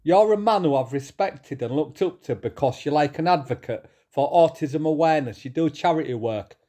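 A middle-aged man ranting angrily to his viewers, swearing, repeating himself and pausing to calm down. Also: on the high side. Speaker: vlogger. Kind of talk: angry rant to camera.

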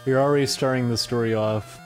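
A man's voice: mid-range voice, steady tone, fairly quick, faint music behind. A man in casual chat while gaming, dry and teasing. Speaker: lets play host.

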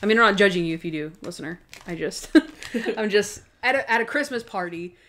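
A woman's voice: mid-range voice, fairly quick, a bit bright, slight background noise. A young woman co-hosting a podcast recaps TV episodes in casual chat. She peppers everything with "like" and slips into little voices for the characters' lines. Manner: chatty, full of "like", acts out characters' lines. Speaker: podcast co-host.

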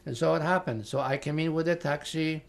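An older man with a Polish accent, a Holocaust survivor recalling his life in a halting, rambling way full of fillers. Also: fairly high pitch, gravelly. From Poland. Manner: rambling, halting, with frequent fillers and repeated words. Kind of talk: oral history testimony.

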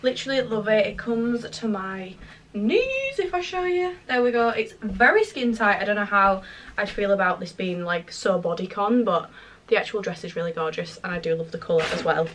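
A woman's voice: mid-range voice, fairly quick, fairly bright tone. Chatty British woman vlogging at home. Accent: British English. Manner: chatty, gushing, full of fillers. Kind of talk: casual vlog chat. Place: bedroom at home.

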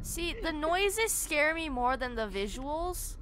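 Brief: high-pitched female streamer, jumpy, shrieks and curses, noisy stream mic. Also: sing-song, takes it slowly, a bit bright. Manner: jumpy, screams and swears at scares. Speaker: streamer playing a horror game. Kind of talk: casual gaming chat with friends.

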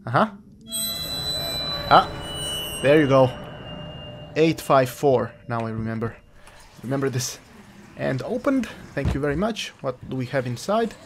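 Speaking a little slowly and pausing often, a man with an expressive mid-range voice plays a horror game. Jokey and rambling, he talks back at the game, and his first language is Croatian. The let's-play recording has a noisy background and game music behind.

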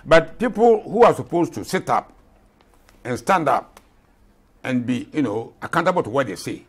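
An elderly man in his eighties, from Ghana, speaks in an impassioned, emphatic way, often repeating his points. His voice is husky and slightly rough. His pitch swings widely between high and low as he argues. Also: very animated, normal speed. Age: 80s. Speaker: retired general, guest. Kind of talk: interview.

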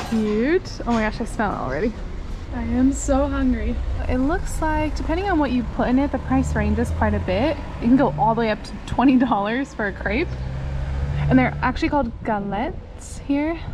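A woman's voice: a little high, noisy background. A young woman talking casually through a travel vlog, upbeat and chatty, often laughing while she walks around outdoors. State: out of breath while walking uphill. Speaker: travel vlogger. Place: outdoors and in a small town, walking. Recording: music playing behind her voice.

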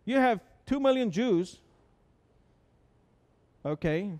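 A man with a high voice preaches in a church sanctuary, talking conversationally, stumbling over repeated words and tossing out rhetorical questions. At times he drops to a soft, hushed tone. His voice rings with the long reverb of the hall. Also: expressive, slow pace. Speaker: pastor. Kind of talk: sermon.

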